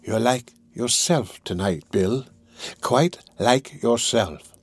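Guy doing a creepy wheedling old crook, drawls slow, goes up high sucking up, dry close audiobook sound. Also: lively intonation, breathy edge, no room sound, full character voice. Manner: ingratiating, drawn-out. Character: scheming old male fence, wheedling.

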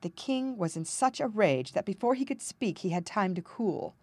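A woman narrating an audiobook fairy tale in an expressive storytelling manner, close to the mic. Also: medium pitch, moderate pace, no room sound.

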